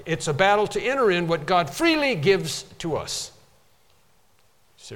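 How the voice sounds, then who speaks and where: A man's voice: high voice, very animated, normal speed, a bit bright, long reverb tail. A man preaching a sermon, emphatic and repeating phrases to drive them home.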